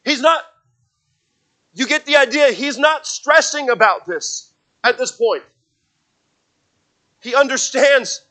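A man delivers an expository sermon in a high, bright voice. He walks through the verses earnestly, often restarting his sentences. When he quotes scripture, his delivery swells into emphatic peaks. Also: slow pace, long pauses. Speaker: preacher.

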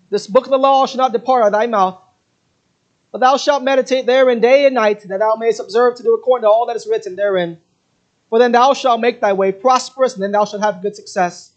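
A man's voice: very high-pitched, fairly quick, pitched above the performer's own voice. A man voicing a devout middle-aged woman who earnestly stands firm in her faith and quotes scripture. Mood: fervent. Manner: earnest, resolute, quoting scripture. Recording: dull lo-fi recording.

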